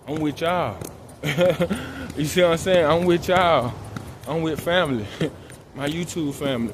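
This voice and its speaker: Man for a street vlog: calm, slangy, mid-pitched, walking outdoors at night, with traffic noise behind him. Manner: calm, laid-back, slangy. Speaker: vlogger. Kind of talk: casual motivational talk while walking. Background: traffic and outdoor ambience.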